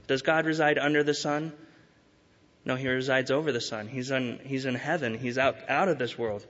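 A man's voice: fairly high pitch, fairly bright tone. Earnest man preaching in a reverberant hall. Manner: earnest, urging, with emphatic rises and slow stresses. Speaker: pastor. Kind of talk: sermon. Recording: dull sound with long hall reverb.

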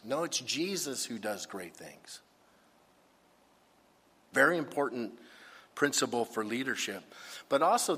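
A man's voice: medium pitch, a bit bright. A man preaching a sermon as a pastor, emphatic and full of rhetorical questions. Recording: husky voice with long hall reverb.

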